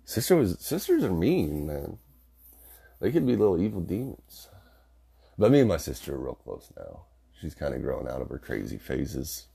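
A young man's rumbling low voice, gravelly, dark and slightly rough, swings widely in pitch at a normal speed. He shares family stories casually, rambling, cursing and laughing throughout.

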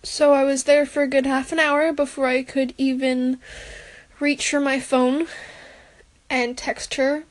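A young woman recording a personal audio diary, telling her story in an emotional, halting way with sighs and broken-off words. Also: high voice, flat delivery. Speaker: podcaster.

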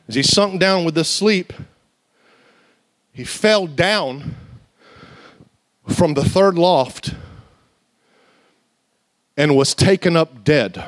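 A male pastor with a high voice preaches in church, animated and conversational, alternating humorous storytelling with sudden loud outbursts and slow, drawn-out emphasis. The recording is dry.

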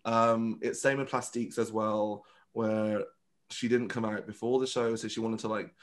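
Campy drag performer, chatty. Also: male voice, lowish voice, moderate pace. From United Kingdom. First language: Vietnamese. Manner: animated, campy storyteller who acts out quotes. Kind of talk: casual interview chat.

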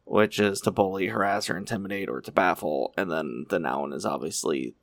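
Low-voiced male co-host, matter-of-fact explainer, dry sound. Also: fairly quick, gravelly, dry recording. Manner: explains things matter-of-factly. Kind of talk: casual podcast chat.

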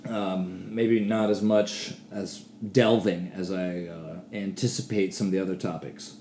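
A man's voice: low voice, steady tone, measured pace, few pauses, mellow, reverberant, a little hiss or hum. A man hosting a casual solo podcast, rambling and swearing freely as he talks, often poking fun at himself. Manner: rambling, profane, self-deprecating. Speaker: podcast host.

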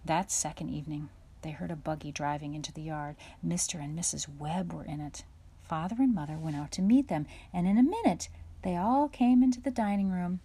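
A woman narrating a children's storybook chapter aloud in a steady, measured way. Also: sits low, husky. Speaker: audiobook narrator. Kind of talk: storybook reading.

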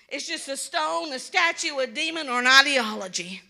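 A woman's voice: sits high, lively intonation, normal speed, gravelly, bright, forceful tone. A woman from Kentucky with a Kentucky accent, preaching an earnest, pleading sermon and repeating words for emphasis.

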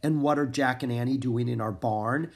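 A man voicing a gruff middle-aged male French farmer with a raspy voice, in a storybook reading. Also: mid-range voice, moderate pace, lightly acted.

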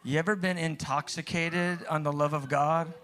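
A man's voice: fairly high pitch, fairly even intonation, normal speed, a bit bright, a little hiss or hum. A man preaching, telling his own story in a conversational way, with restarts that build to emphatic peaks. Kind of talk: personal testimony sermon.

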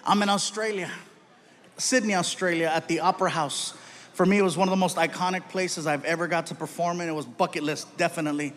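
A man performing stand-up comedy, telling a story with an animated, punchy delivery. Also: fairly high pitch, fast talker.

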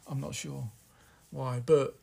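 A man talks casually about songs, pausing and restarting as he reads out lines. His voice is gravelly and a little husky. He speaks at a middle pitch. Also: steady tone, a little mellow. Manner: rambling, hesitant, reads out lyrics. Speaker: podcast host reviewing an album. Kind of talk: casual chat.

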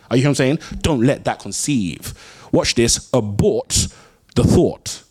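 A male pastor preaches with lively, animated storytelling. He hammers points home by repeating short phrases. His voice sits at an ordinary mid pitch. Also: a little slow, breathy edge. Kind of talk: sermon.

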